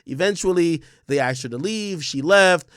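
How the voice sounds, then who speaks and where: A man hosting a livestream in casual, blunt commentary, swearing freely and hammering his points home. His voice sits fairly high for a man, and it comes through dry and close on the mic. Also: animated, normal speed, a bit bright, clear, resonant tone, dry recording. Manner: blunt, profane, emphatic, repeats himself. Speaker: livestream host.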